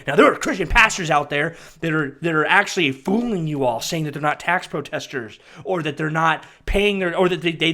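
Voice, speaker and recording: Male commentator with a high voice who rants angrily at a news clip. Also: bright, forceful tone. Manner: agitated, ranting, repeats and restarts. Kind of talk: heated commentary.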